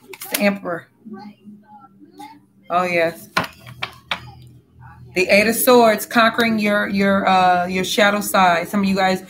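A woman's voice: medium pitch, background noise. A woman giving a casual spiritual tarot reading, talking bluntly and animatedly, with frequent swearing. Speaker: tarot reader.

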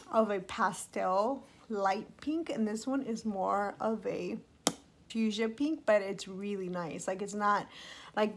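A woman's voice: medium pitch, slight background noise. A young woman vlogger giving a bubbly, playful makeup review, talking straight to her viewers. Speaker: beauty vlogger.

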